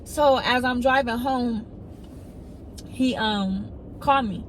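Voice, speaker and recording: A woman's voice: slow pace, a little hiss or hum, poor audio. A young woman, telling a story casually and acting out the people in it. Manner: animated storytelling, quoting others in excited high voices.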